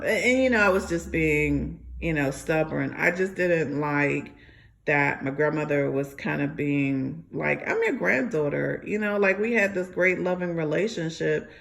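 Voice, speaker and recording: Speaking in a deep voice with vocal fry, a young woman who used to be a member recounts her own story as a monologue, meandering with plenty of fillers and restarts.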